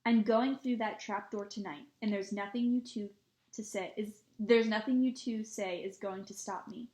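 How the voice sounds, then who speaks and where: A woman's voice: medium pitch, steady tone, moderate pace, darkish tone, natural voice. A woman doing an urgent, defiant boy. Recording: echoey room.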